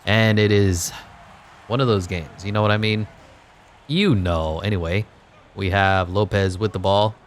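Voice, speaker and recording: A man's voice: lowish voice, fairly bright tone. A man giving casual play-by-play commentary over a basketball video game, with wry joking asides. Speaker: gaming YouTuber.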